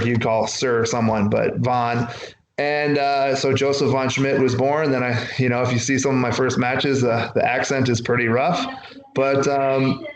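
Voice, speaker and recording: A man telling stories in a loose, rambling way, jumping between his own words and the voices of people he quotes. The recording sits in an echoey room with a faint hiss underneath. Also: medium pitch. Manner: rambling, acts out quotes from others. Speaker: wrestler guest. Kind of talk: casual interview storytelling.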